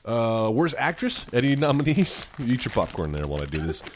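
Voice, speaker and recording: A man's voice: mid-range voice, big pitch swings, fairly quick, a little hiss or hum. A man in his forties co-hosting a casual podcast, joking and laughing often. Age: 40s. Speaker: podcast co-host.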